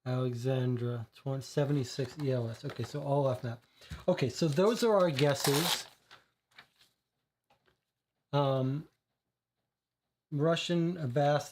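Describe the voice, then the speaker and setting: Board game streamer, mid-pitched, musing aloud and reading game cards, casual livestream delivery. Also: a little mellow, slight background noise. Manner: thinking aloud, many fillers, reads case text aloud.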